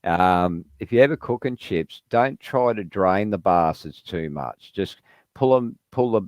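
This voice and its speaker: A man's voice: sits low, animated, a little slow, no echo. An Australian man rambling casually on a livestream, chatty and swearing now and then. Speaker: livestream co-host. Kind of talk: casual chat.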